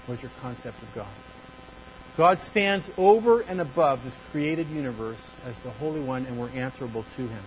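A man preaching a sermon, swinging between loud emphasis and quiet asides. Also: medium pitch, animated, normal speed. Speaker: pastor. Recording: dull lo-fi church recording with faint hum.

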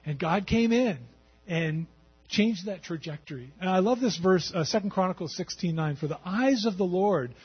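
A middle-aged man telling his personal faith testimony in a conversational, halting way, with fillers and restarts. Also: sits high, husky. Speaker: Christian testimony speaker. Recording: dull lo-fi sound.

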